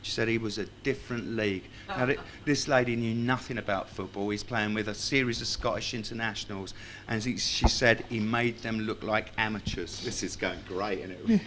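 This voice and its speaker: Addressing a live audience at a tribute evening held in a club function room, a man reads a tribute poem and tells self-mocking, wry stories. His lowish voice is steady and fairly bright, at a moderate pace, with slight background noise.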